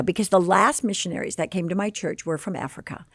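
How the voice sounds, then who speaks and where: Here a Chicago-area woman in her sixties talks fast in a lowish, slightly rough voice, captured in a dry recording. She's a guest on a podcast, sharing something from her own life and animatedly performing the lines people said.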